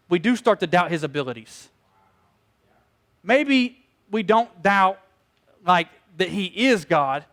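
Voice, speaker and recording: A middle-aged man preaches a sermon in a high voice. He tells stories with energy and acts out what other people said. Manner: storytelling, animated, acts out quoted voices. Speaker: pastor.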